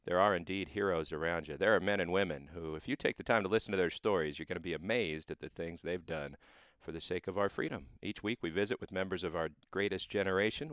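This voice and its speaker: A man's voice: low voice, fairly bright tone, clear, resonant tone, no echo, clean studio sound. A man from the United States hosting a radio interview show, earnest in manner.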